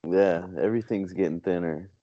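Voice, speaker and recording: A man's voice: low voice, moderate pace, warm tone, dry recording. A man co-hosting a podcast in casual chat, making short, blunt, dry remarks. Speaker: podcast co-host. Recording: dull lo-fi sound.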